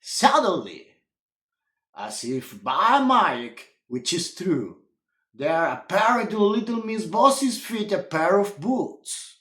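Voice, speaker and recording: A man reads a children's story aloud in a playful, theatrical way, his voice rising and falling a lot. He speaks slowly and often turns to the listener. The room around him gives a noticeable echo. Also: on the high side, a bit bright. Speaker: storyteller teacher. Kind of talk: animated read-aloud storytelling.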